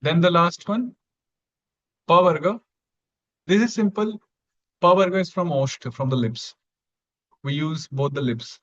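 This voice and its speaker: Here the Sanskrit pronunciation lesson comes in a fairly high, fairly bright male voice that moves at an unhurried pace and pauses often. He patiently says each sound again and again for the online class to copy, and the sound quality is dull and lo-fi.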